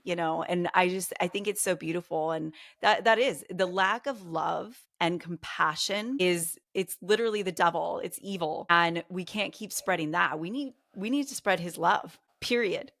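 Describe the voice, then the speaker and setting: A woman hosts a faith-based interview in a low voice with heavy vocal fry. She sounds affirming and encouraging, and the recording is dry and close. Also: moderate pace, hardly any pauses, a bit bright, no room sound. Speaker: host.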